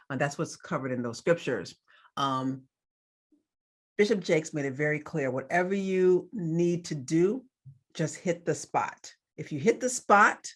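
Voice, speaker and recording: A woman's voice: low voice, slightly rough. A woman co-hosting a faith podcast, chatting casually as she recaps a church celebration and a sermon, with fillers and asides. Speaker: podcast co-host.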